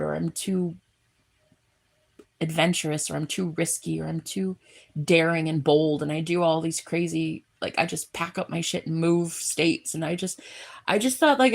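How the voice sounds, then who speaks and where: Woman, gravelly vocal fry, rambling, heartfelt personal vlog, halting restarts. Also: on the low side. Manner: earnest and effusive.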